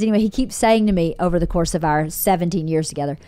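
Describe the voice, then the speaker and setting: A woman's voice: fairly low pitch, fast talker, clear, resonant tone, no room sound. A woman hosting a podcast in casual chat, telling stories animatedly and acting out the dialogue she quotes. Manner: animated storyteller who acts out quoted dialogue. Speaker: podcast host.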